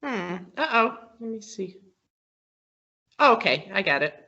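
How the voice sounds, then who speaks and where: A woman's voice: medium pitch, big pitch swings, unhurried, bright, forceful tone. A woman teaching word stress as a guest on a video call, explaining patiently and checking in often with her students. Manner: patient, explains step by step with frequent "okay?" checks. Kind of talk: online English pronunciation lesson. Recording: dull lo-fi video call audio.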